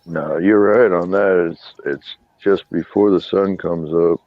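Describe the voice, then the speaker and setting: A man's voice: deep voice, fairly even intonation, unhurried, dry recording. A man with a congested, stuffy voice from allergies, chatting easygoing in short replies. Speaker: chat participant. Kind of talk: casual voice chat. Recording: tinny phone-like line.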